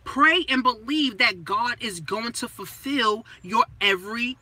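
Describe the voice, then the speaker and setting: A woman's voice: a little high, unhurried, breathy edge, low-quality recording. A woman money coach in a blunt, profane motivational rant, full of rhetorical questions and punchy, emphatic phrasing. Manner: punchy, emphatic phrasing that swings between loud and hushed.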